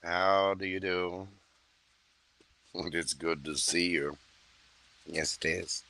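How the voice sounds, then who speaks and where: Man imitating a genteel serial killer, soft and relishing, slow, low, bright tone. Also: fairly even intonation, exaggerated voice. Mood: menacing. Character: menacing genteel male serial killer impression.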